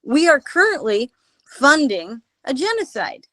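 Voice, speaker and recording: A woman with a fairly high voice delivers fervent political commentary as a radio guest. She presses her points with repeated rhetorical questions. The sound is close and dry, like call audio without room echo. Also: sing-song, a little slow, a bit bright. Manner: impassioned, emphatic, rhetorical questions. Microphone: remote call audio.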